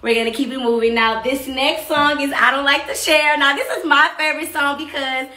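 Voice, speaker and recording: A woman from Texas, chatting casually on her own stream with rambling asides and shout-outs to viewers. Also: high-pitched, fairly even intonation, a little fast, echoey room. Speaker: singer hosting a live stream about her EP. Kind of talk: casual chat.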